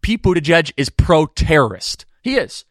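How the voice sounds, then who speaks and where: A man hosting a political talk show, speaking in an emphatic, quick and combative way. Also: a little high, very animated, a bit bright, dry recording, clean studio sound. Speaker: podcast host. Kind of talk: opinionated political commentary.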